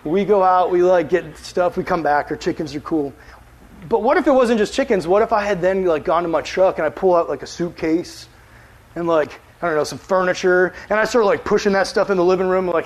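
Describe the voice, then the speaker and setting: A young man preaching a sermon, telling a funny story with acted-out quotes, then reading scripture slowly. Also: high voice. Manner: animated storyteller acting out quotes, laughing often. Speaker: pastor.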